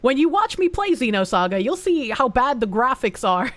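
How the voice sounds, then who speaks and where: Young woman streamer, fairly high voice, dry close sound, casual and profane, reads out donations and chats. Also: sing-song, moderate pace, fairly bright tone, dry recording. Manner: reads donation messages aloud, thanks supporters, swears casually. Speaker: streamer reading chat. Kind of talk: casual livestream chat.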